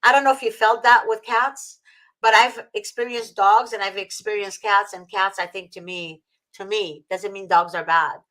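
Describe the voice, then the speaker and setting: A woman's voice: medium pitch, steady tone, moderate pace, fairly bright tone, poor audio. A woman from Egypt chatting casually as host, emotional and gushing, with many fillers and restarts. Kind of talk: casual video-call chat.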